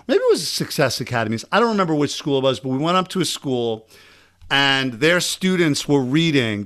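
A man with a Long Island accent hosting a casual, energetic podcast conversation. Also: mid-range voice. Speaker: podcast host.

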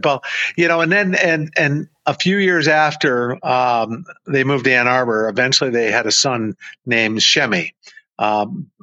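A man's voice: medium pitch, sharp tone, no echo. A man talking as a podcast guest, telling long, rambling stories with plenty of fillers. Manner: rambling, enthusiastic storyteller with many fillers. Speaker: guest author and memorabilia collector. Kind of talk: casual podcast storytelling. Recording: dull lo-fi remote audio.

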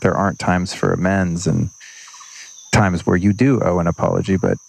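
A man's voice: low voice, little pitch movement, moderate pace, gravelly, a little mellow, husky. A man hosting a podcast, talking through his experiences in an earnest, rambling way and swearing casually. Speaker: podcast host. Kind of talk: unscripted reflective monologue.

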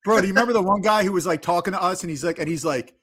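A man's voice: high-pitched, racing, a bit bright, husky. A man from New Jersey retelling stories with much laughter as a podcast co-host in casual sports chat.

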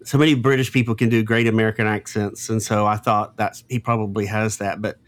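A man's voice: lowish voice, flat delivery, a little fast. A man co-hosting a casual podcast, musing aloud and often repeating words as he starts a thought. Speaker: podcast co-host. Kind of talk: casual chat.

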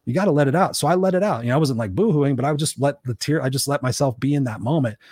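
Fast-talking husky man telling a personal story. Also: medium pitch, a little mellow, dry recording, studio quality. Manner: emotional, candid, rambling with restarts. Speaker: podcast host. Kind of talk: personal storytelling in casual talk.

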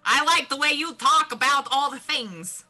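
A woman voicing an eager, easily excited female adventurer with gushing enthusiasm. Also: high voice, normal speed, faint music behind, voice pushed up, full character voice.

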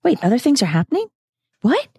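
A woman co-hosting a podcast in casual chat, answering with wry, quick interjections. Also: sits high, huge pitch swings, dark tone, slightly rough, no echo, clean studio sound. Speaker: podcast co-host.

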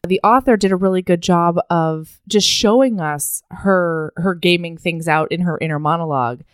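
A woman co-hosting a casual book-discussion podcast, talking in an animated way and laughing often. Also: fairly low pitch, normal speed, clear, resonant tone, no echo, studio quality. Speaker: podcast co-host.

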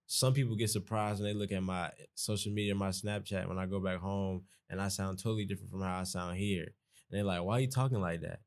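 Rambling young Southern man, lowish voice. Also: level tone, brisk, clean tone. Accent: Georgia, US South. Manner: rambling, restarts often, folksy. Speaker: podcast guest. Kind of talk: casual conversation.

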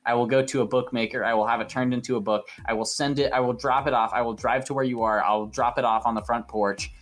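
A man's voice: mid-range voice, steady tone, quick pace, fairly bright tone. A man hosting a casual podcast, rambling and repeating himself as he spins absurd made-up stories. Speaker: podcast host.

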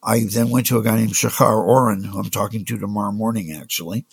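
A man tells business stories in a relaxed conversational way, acting out what people said. His voice is gravelly and a bit husky, with a mid pitch. The sound is dry and close. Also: fast, no echo. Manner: anecdotal, acts out quoted dialogue. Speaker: music industry executive, guest. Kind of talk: conversational storytelling.

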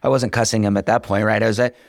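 Male founder, interview guest, energetic storytelling, self-deprecating, dry close sound. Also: lowish voice, rapid-fire, dry recording. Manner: energetic, candid, self-deprecating, acts out quoted dialogue. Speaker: startup founder, podcast guest.

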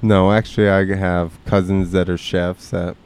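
A man's voice: sits low, little pitch movement, normal speed, a little mellow, clear, resonant tone. A man in casual chat, terse and blunt, swearing now and then.

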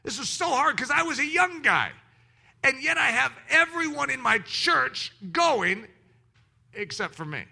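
A middle-aged man preaching, telling personal stories in an animated, self-mocking way with sudden loud peaks. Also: very high voice, measured pace, creaky. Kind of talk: storytelling sermon.

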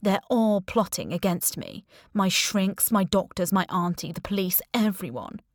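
A woman voicing a cheerfully menacing middle-aged male kidnapper in an audiobook, calm and quietly threatening. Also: medium pitch, a little slow, no room sound, studio quality. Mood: coldly dictating. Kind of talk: audiobook character voice.

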